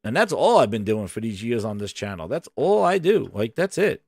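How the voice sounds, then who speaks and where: A man hosting a casual live stream, hyped and shouting out viewers, his voice hoarse after a long day. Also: mid-range voice, sing-song, normal speed, no room sound, clean studio sound. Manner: hyped, shouts out chat names.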